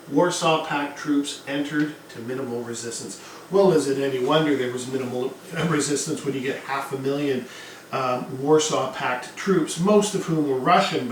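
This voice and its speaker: A man teaching a history lesson in a conversational lecture style, with fillers and self-corrections. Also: medium pitch. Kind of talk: classroom lecture. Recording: distant mic, very echoey room, faint noise.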